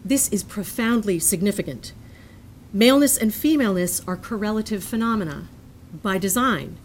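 A woman reading a prepared lecture aloud in a measured, earnest manner, sometimes breaking off into self-amused asides. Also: mid-range voice, expressive, slight background noise.

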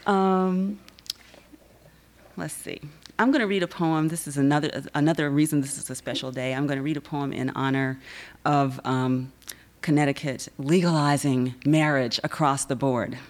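Low-voiced woman poet reading aloud. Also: steady tone. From Southern United States. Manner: measured, rhythmic recitation with chatty asides between poems. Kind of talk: poetry reading. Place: university reading event.

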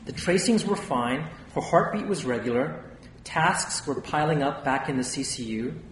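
A man's voice: fairly high pitch, moderate pace. A man narrating a first-person memoir in a tense storytelling manner. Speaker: audiobook narrator. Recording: roomy, distant, faint hiss.

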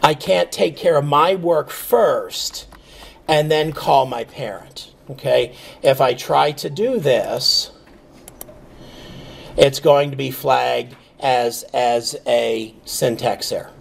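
A man teaching programming in a relaxed, screen-recorded lecture, thinking aloud with fillers and checking in with "okay?". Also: mid-range voice, slow pace, vocal fry, slightly rough. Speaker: programming instructor.

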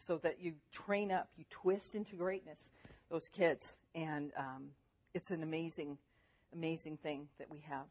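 A woman speaking as a mother giving faith-based parenting advice, animated and chatty, laughing often as she talks. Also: on the low side, lo-fi sound.

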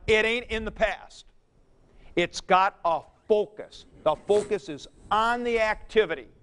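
A middle-aged man lecturing on grammar with a high, smooth, resonant voice. He talks slowly and deliberately, folksy and emphatic, building his points from everyday examples. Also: fairly bright tone. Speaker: teacher.

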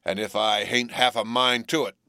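A man acts out a ragged convict in an audiobook, barking gruff threats. His voice is loud and rough, set in a dry, close recording with no room sound. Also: medium pitch, fairly even intonation, normal speed, no room sound, lightly acted. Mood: threatening. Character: fierce ragged escaped convict, grown man, menacing.

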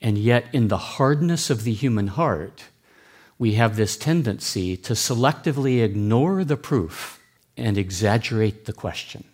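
A man preaching a sermon at a church, earnest and deliberate as he explains. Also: on the low side, expressive, darkish tone, slightly rough. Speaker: pastor.

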